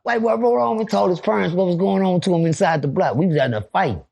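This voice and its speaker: A man telling a story on a podcast in a casual, animated way, acting out voices and throwing in profane asides. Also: high-pitched, fast talker, vocal fry.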